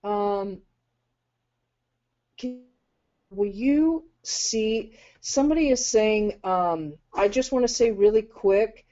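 A woman hosting a live webinar, running through viewer questions in a brisk, direct way. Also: medium pitch, dark tone. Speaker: webinar host. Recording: dull lo-fi audio.

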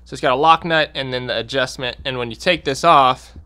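A man's voice: medium pitch, a little fast, pushed and bright, smooth, no echo. A man hosting a repair channel, talking casually through a how-to, plain-spoken and repeating warnings for emphasis. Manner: plain-spoken, walks through steps while pointing things out.

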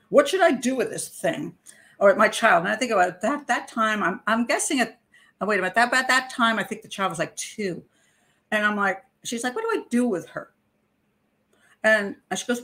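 Indignant middle-aged woman telling a story. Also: mid-range voice. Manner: animated, indignant, with wry laughter. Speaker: criminal profiler. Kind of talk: personal storytelling commentary.

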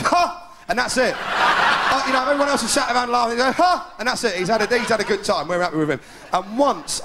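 A man does live stand-up at a fairly high pitch, rambling from one story to the next. He often breaks into chuckles at his own jokes. The old tape adds a clear hiss under his voice. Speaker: stand-up comedian. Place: live comedy venue with audience. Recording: 1990s VHS live recording with hiss.

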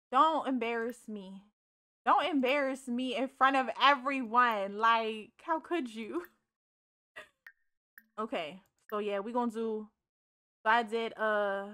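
A young woman gives let's play commentary in a slightly high, bright, forward voice. She chats loosely with her viewers and scolds the characters on screen. She swears casually as she goes. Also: unhurried, clear, resonant tone. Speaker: gaming streamer.

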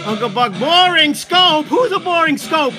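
A man chatting loudly and rambling to live-stream viewers as he shows off collectibles for sale. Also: extremely high pitch, animated, a little slow. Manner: loud, rambling, talks to viewers while showing items. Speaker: livestream seller of collectibles. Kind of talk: casual live-stream chat. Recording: music playing behind. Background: background music.

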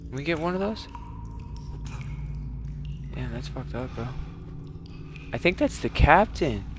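A man streaming a survival game, commenting live as he plays, cursing often and jumping from low muttering to panicked yelling. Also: lively intonation, measured pace, noisy background. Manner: swears a lot, swings from muttering to panicked yelling.

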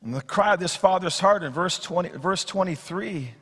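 Guy preaching in a church, high and bright voice, acts out the bible quotes, echoey hall. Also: moderate pace, husky. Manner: expository preaching, acts out Bible quotes, swings from loud to hushed. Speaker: pastor. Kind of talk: sermon. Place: church sanctuary. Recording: long church hall reverb.

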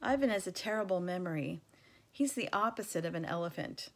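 A woman's voice: on the low side, lively intonation, brisk. A woman voicing a small, loyal male stray dog who coaxes and insists. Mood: coaxing. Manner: coaxing, insistent.

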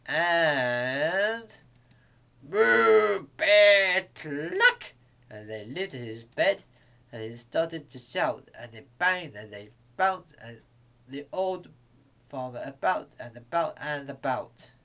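A man reading a bedtime story aloud to kids, in a halting way with small restarts. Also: medium pitch, animated, a bit bright.

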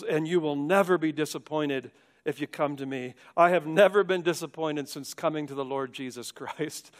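A man preaching a sermon as pastor, moving between hushed, quiet passages and loud, urgent appeals. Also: fairly high pitch, normal speed. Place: church sanctuary.

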